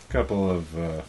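A man co-hosts a podcast in a playful, giggly manner, often repeating his partner's jokes back. He talks slowly, and his pitch rises and falls in a lively way. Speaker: podcast co-host. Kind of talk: casual chat.

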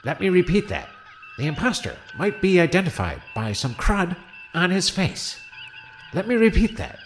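A man's voice: sits high, big pitch swings, normal speed, soft background music. A man doing a whiny, scatterbrained politician. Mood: rambling. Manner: whiny, rambling, easily distracted. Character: fretful, scatterbrained male politician crewman. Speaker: voice actor.

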